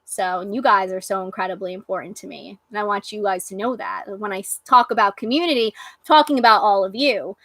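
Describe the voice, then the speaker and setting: A woman's voice: mid-range voice, a little fast, fairly bright tone, no echo. A young woman from New York hosting a live stream, talking earnestly and emotionally to her viewers. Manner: earnest, emotional, reads out chat comments. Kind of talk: casual live stream chat.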